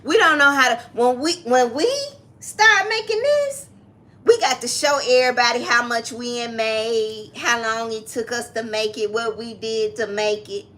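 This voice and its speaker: A woman's voice: fairly high pitch, moderate pace, fairly bright tone. A woman, co-hosting a casual chat and chiming in often with agreement. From Atlanta, Georgia, US. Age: 30s. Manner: chatty, frequent agreeing interjections. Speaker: co-host, daughter.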